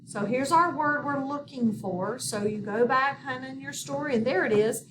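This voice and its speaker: A woman teaching a phonics lesson in a recorded video, slow and patient, often checking in with her students. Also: sits high. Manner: slow, patient, instructive with repeated prompts. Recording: distant mic with background noise.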